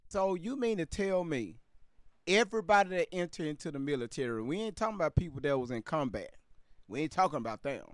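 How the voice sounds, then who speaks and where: A man talking casually to his viewers in a loose, profane way. His voice sits a little high for a man. The recording is dry and close. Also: animated, a little fast, no room sound. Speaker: commentary channel host. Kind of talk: casual reaction commentary.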